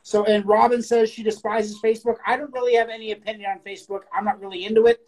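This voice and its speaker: A woman co-hosting a casual podcast, talking bluntly with lots of profanity and reading poems aloud slowly. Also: fairly high pitch, little pitch movement, darkish tone, low-quality recording. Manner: crude, blunt, profane talk. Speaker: podcast co-host. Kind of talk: casual chat.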